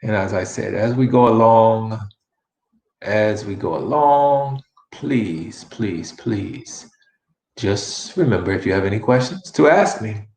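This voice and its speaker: A man's voice: on the low side, lively intonation, slow, vocal fry, a little mellow, echoey room, poor audio. A man teaching a live-streamed Spanish lesson, chatty and repeating each phrase many times for practice.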